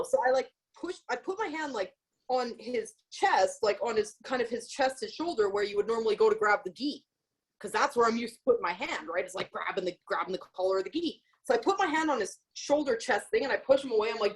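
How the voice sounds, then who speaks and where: A woman co-hosting a podcast, telling a story in a casual, profane, animated way and quoting herself. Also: on the high side, a little fast. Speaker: podcast co-host.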